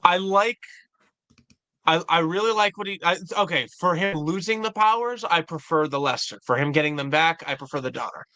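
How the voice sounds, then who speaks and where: A male guest on a casual film review discussion, making quick, dry quips. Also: a little high, pushed and bright, dry recording. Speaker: guest fan editor.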